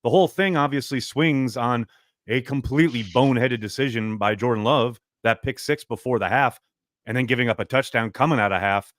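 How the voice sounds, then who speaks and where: A man talking as a guest analyst on a sports radio show, emphatic and quick with his points. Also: medium pitch, a bit bright, dry recording, studio quality. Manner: emphatic, rapid analytical talk. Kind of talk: casual sports radio chat.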